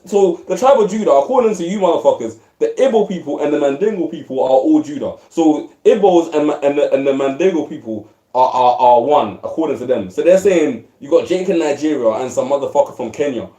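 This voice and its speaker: A man's voice: fairly high pitch, animated, fairly quick, few pauses, dark tone. A man in a heated casual religious debate, talking emphatically, swearing and repeating himself. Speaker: discussion participant. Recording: echoey room.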